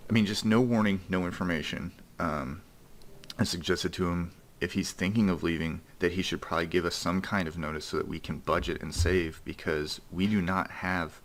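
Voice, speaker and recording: A man in a played video, recounting a friend leaving him in a halting, hurt way. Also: low-pitched. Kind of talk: personal account in a played video.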